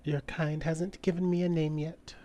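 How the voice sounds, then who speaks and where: A man voicing a hushed ancient female spirit. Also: on the high side, little pitch movement, pitched above the performer's own voice, close to an everyday voice. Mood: cryptic, hushed. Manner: cryptic, slow, hushed. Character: mysterious ancient female spirit, cryptic and calm.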